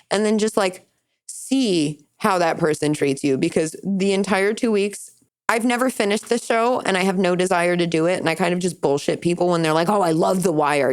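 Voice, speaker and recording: A young woman hosting a podcast, telling candid stories in casual chat and jumping high in pitch when she quotes people. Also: smooth. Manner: candid, rambling storytelling with big pitch jumps for quoted voices. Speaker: podcast host.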